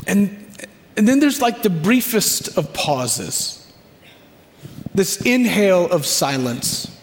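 Slow, reflective preacher man in a hall. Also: high-pitched, big pitch swings. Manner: slow, reflective second-person storytelling with dramatic pauses. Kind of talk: guided scripture meditation. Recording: long hall reverb.

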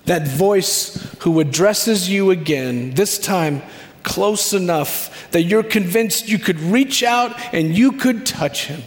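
Slow, reflective preacher man in a hall. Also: sits high, animated. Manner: slow, reflective second-person storytelling with dramatic pauses. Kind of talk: guided scripture meditation. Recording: long hall reverb.

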